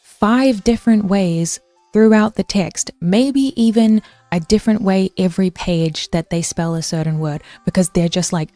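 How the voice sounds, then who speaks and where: A woman's voice: mid-range voice, moderate pace, warm tone, no echo, faint music behind. A woman streamer ranting casually about history, chatty and swearing, answering her chat as she goes.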